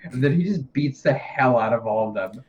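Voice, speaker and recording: A man's voice: mid-range voice, lively intonation, a little fast, a little mellow. A young man co-hosting a casual podcast, rambling, swearing and laughing often as he recaps. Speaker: podcast co-host. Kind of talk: casual chat. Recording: dull lo-fi sound.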